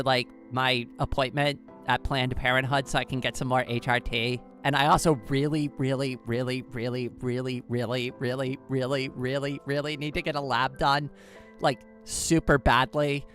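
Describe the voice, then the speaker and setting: A woman chatting casually on a live stream, excitable and giggly, saying "like" a lot. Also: very deep voice, moderate pace, faint music behind.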